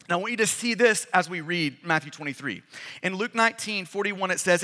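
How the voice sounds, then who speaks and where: A man's voice: sits high, lively intonation, brisk, sharp tone. A male pastor preaching a sermon, reading scripture with emphatic, dramatic delivery. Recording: long hall reverb.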